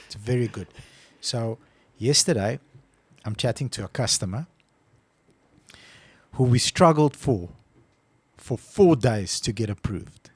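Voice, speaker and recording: A man's voice: mid-range voice, lively intonation, slow pace, breathy edge, no room sound. Man, podcast co-host, casual storytelling, acts out calls, dry close mic.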